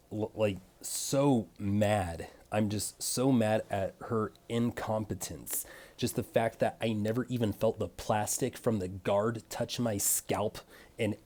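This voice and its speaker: Irritated man ranting, lowish voice. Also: darkish tone. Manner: irritated, storytelling with clipper sound effects. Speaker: vlogger. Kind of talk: casual rant.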